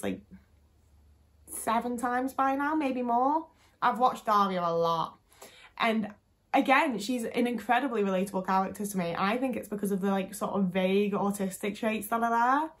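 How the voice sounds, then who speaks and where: A young woman talking casually to camera, chatty and full of fillers, with some swearing. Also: medium pitch. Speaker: vlogger.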